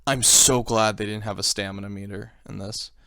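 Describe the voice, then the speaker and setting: A man hosting a casual podcast chat, talking excitedly and rambling with lots of swearing. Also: lowish voice, moderate pace, creaky, clean tone, no echo, clean studio sound. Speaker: podcast host.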